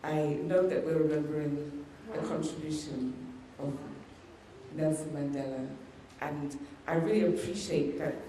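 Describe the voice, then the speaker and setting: A woman's voice: low-pitched, unhurried, mellow, far from the mic, a little hiss or hum. A woman with a Guyanese Caribbean patois accent, performing spoken word poetry with a rhythmic, emphatic delivery. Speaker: performance poet. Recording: echoey hall, heard from afar.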